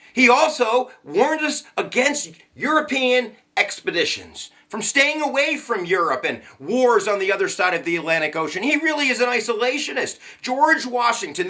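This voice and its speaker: High, bright-voiced joking history teacher. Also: male voice. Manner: jokey, slangy and animated, with sudden asides. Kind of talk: casual history lesson.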